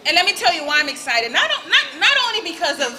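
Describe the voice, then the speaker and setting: Woman firing up a street rally, really high bright voice, faint outdoor noise. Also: big pitch swings, fast talker, poor audio. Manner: rousing call-and-response with the crowd. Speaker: political speaker at a rally. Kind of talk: rally speech.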